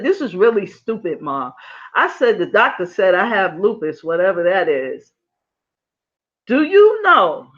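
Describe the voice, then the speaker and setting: A woman's voice: on the high side, fairly bright tone. A woman vlogger telling a personal story to her viewers in her apartment, chatty and often checking in with them, acting out past conversations. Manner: chatty, asks viewers "you know?" often; acts out past dialogue in her own voice. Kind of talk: casual storytelling to live viewers. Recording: dull lo-fi sound.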